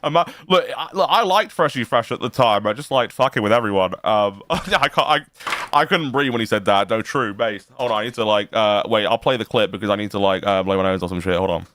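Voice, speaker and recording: A man's voice: fairly low pitch, brisk, a bit bright, a little hiss or hum. A man streaming, reacting to a clip in casual chat, laughing often and swearing freely. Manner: laughing often, profane, rambling.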